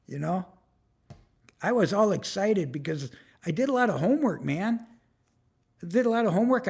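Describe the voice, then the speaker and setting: Slow, gravelly older man chatting live. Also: sits high, darkish tone. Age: 70s. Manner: rambling and frustrated, swears freely; greets viewers in the chat by name. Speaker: live stream host. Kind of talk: casual live-stream chat. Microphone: phone or camera on a tripod.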